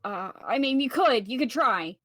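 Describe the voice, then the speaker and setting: A woman's voice: a little high, expressive, normal speed, a bit bright, no echo, clean studio sound. A woman playing a tabletop game, talking nervously and hesitantly. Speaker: player. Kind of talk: casual tabletop game chat.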